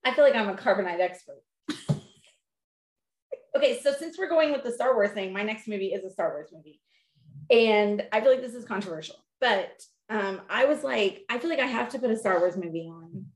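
A woman co-hosting a podcast, chatting casually and telling animated stories with lots of fillers. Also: mid-range voice, fairly quick, roomy sound. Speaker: podcast co-host. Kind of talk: casual chat.

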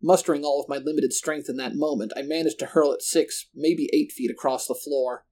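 A man narrating a first-person horror story in a steady, measured way. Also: a little high.

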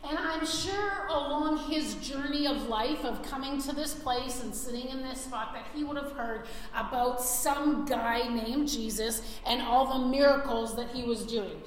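A woman preacher giving a sermon, retelling a story with animated, acted-out scenes. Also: high-pitched, unhurried, few pauses, a little hiss or hum. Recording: echoey hall, faint ambience.

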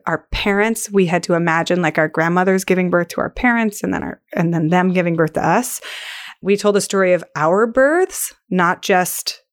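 A woman hosting a podcast, chatting casually and animatedly, telling stories and acting out the voices she quotes. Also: lowish voice. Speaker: podcast host. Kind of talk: casual conversation.

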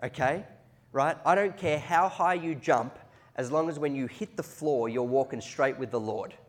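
A man preaching a conversational sermon that rises into loud, excited peaks. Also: on the high side, normal speed. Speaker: pastor.

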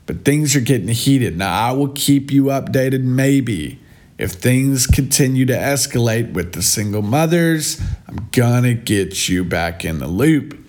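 A man's voice: medium pitch, lively intonation, measured pace, a little mellow. A man vlogging sarcastic, mocking commentary on posts he reads aloud.

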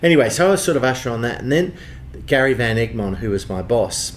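A man in his sixties in an interview, telling lively anecdotes and acting out quoted lines. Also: mid-range voice, fast talker. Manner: animated anecdotes with acted-out quotes. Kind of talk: storytelling interview.

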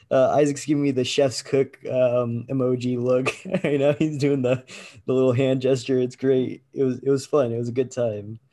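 Young man, podcast co-host, casual slangy chat, mellow tone, video call. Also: medium pitch, a little slow. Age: young adult. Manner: laid-back, slangy.

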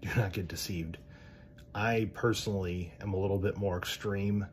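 A man's voice: low-pitched, steady tone, normal speed, a little hiss or hum. A man giving a casual, earnest Christian talk, rambling with many fillers and restarts, and speaking in a direct way. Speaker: Christian podcaster.

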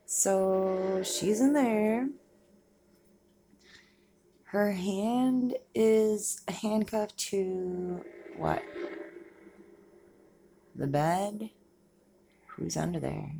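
A woman's voice: mid-range voice, drawn-out words, vocal fry, pauses often, warm tone, a little hiss or hum. A woman giving a casual, chatty commentary as she watches a movie, swearing freely and laughing and exclaiming at the screen. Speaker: movie reaction vlogger.

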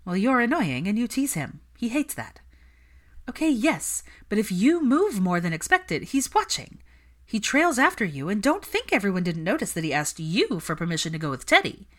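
A woman voicing a calm young witch healer who answers in terse, defensive replies, in a storybook reading. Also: mid-range voice, normal speed, voice pushed up. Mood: guarded.

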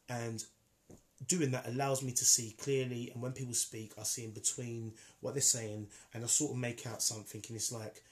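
A man in a casual debate, talking emphatically and repeating himself as he argues. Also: medium pitch.

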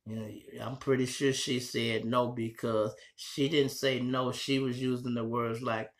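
A man's voice: medium pitch, level tone, unhurried. A man with a Chicago accent hosting a podcast, rambling and profane in casual street commentary. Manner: profane, rambling, talks straight to listeners. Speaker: podcast host.

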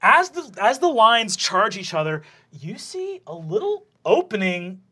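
A man's voice: sits high, sing-song, unhurried, sharp tone, slightly rough. A man narrating loosely as game master of a tabletop game, rambling and swearing.

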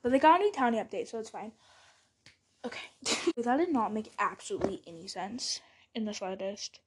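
A young woman's mid-range, husky voice moves fairly quickly through bloopers from her casual solo podcast, recorded at home. She's chatty and scattered, with frequent self-interruptions and restarts.

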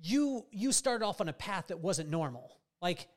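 A man's voice: high voice, big pitch swings, measured pace. A middle-aged man hosting a podcast, chatting casually with his guest in an enthusiastic, admiring way. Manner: enthusiastic and admiring, with warm reactions. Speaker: podcast host. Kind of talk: casual interview chat.

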